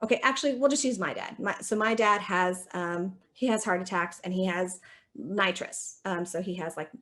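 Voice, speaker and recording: A woman's voice: medium pitch, moderate pace, a bit bright. A woman attorney giving an informal public lecture on legal rights, chatty and direct, often checking in with the audience. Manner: chatty, keeps checking in with "okay?"; acts out dialogues with police.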